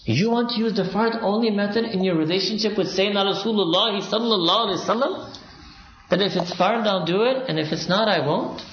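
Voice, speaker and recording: A man's voice: high-pitched, brisk, a bit bright, a little hiss or hum. A man giving a sermon-style lecture, driving his points home with rhetorical questions and frequent prompting "hmm?"s. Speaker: Islamic speaker. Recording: roomy, dull lo-fi sound.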